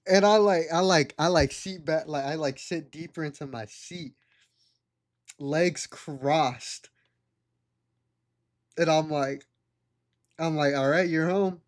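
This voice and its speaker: A man's voice: a little high, slow, long pauses. A young adult man streaming live, telling a rambling story and laughing at it.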